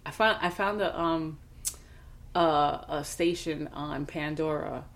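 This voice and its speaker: A woman, co-hosting a podcast in casual chat and telling animated stories. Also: low voice, takes it slowly, gravelly. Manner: animated storytelling, laughing, quoting her daughter. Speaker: podcast co-host.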